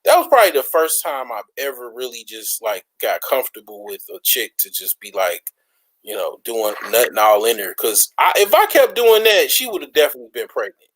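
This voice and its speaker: Casting: young male host, mid pitch, relaxed slangy talker, dry close sound. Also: brisk, dry recording, poor audio. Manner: laid-back, slangy, with many fillers. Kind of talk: casual chat.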